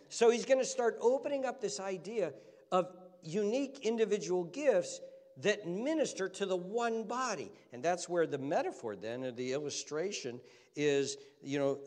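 A man preaching a sermon, reading scripture aloud and explaining it with emphasis. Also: on the high side. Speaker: pastor. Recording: long reverb of a large hall.

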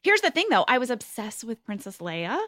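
A woman's voice: a little high, sing-song, fairly quick, a bit bright, no room sound, clean studio sound. A woman co-hosting a podcast clip, chatting playfully and teasing her co-host. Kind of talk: casual chat.

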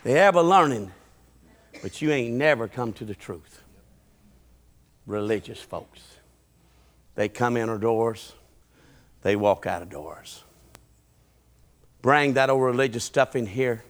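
A man preaching a sermon in a folksy way, swinging between shouting and low muttering. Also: lively intonation, slow, pauses often, long reverb tail, some chatter behind.

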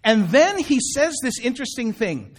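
A man's voice: extremely high pitch, very animated, moderate pace. A man preaching a sermon as a pastor, telling the story in a loose, conversational way with asides to the congregation.

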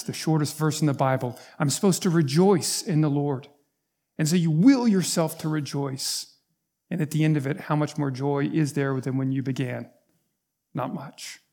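A man preaching a sermon as pastor, earnest and emphatic, dropping soft and low when he quotes. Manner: earnest, building to emphatic points, softening on quotes. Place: church.

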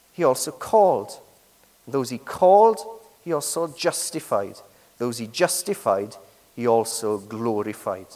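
A man preaching a sermon with lively emphasis, many rhetorical and tag questions to the congregation. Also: a little high. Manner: lively, rising and falling emphasis. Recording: long hall reverb.

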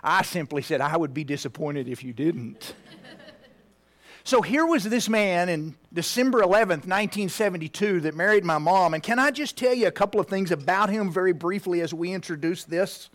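A man in his fifties preaching a heartfelt personal story, at times dropping to a hushed near-whisper. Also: sits high, normal speed. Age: 50s.

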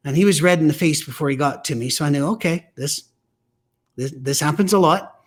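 A man's voice: fairly high pitch, fairly quick. A man giving a weekly preaching message, telling stories in a blunt, emphatic, conversational way. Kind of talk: weekly message on church teaching.

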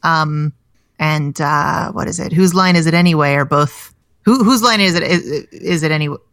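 A woman's voice: low-pitched, moderate pace, a bit bright, dry recording, clean studio sound. An American woman in her thirties, a comedian chatting casually as a podcast guest, self-deprecating and full of restarts. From United States.

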